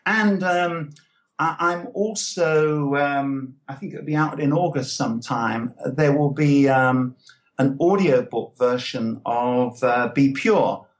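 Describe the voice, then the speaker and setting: A man's voice: mid-range voice, slow pace. An older man with an Anglo-Irish background, talking casually as an interview guest, full of fillers and restarts. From England, Anglo-Irish background. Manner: hesitant, many fillers and restarts. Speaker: guest comics writer.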